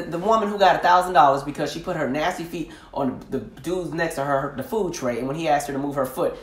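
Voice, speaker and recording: A man hosting a podcast, telling casual stories in a slangy, animated way and laughing often. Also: on the high side, roomy sound. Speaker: podcast host. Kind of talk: casual storytelling monologue.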